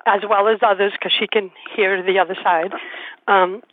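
A woman hosting a radio show, telling a family story in a lively way and acting out the voices she quotes. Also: medium pitch, moderate pace, dry recording. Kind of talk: casual storytelling conversation. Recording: tinny phone-line sound, dry.

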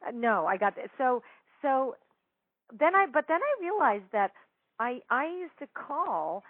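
A woman's voice: sits high, measured pace, no echo, phone-quality sound. Woman chatting on a thin phone-ish line, laughs a lot, acts out quotes, dry sound. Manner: chatty, laughing, animated quoting. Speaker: psychic medium guest telling a story. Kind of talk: casual storytelling interview.

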